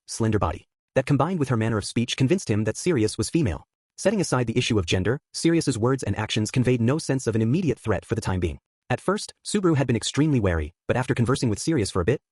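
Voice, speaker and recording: A man narrating a novel audiobook in a brisk, even reading style. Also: mid-range voice, dry recording, clean studio sound. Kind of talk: scripted narration.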